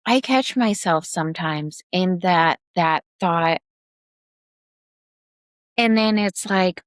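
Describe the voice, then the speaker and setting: Slow talking woman cohost, lowish voice, frank, swears and laughs. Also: dry recording. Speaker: podcast co-host. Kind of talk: casual conversation.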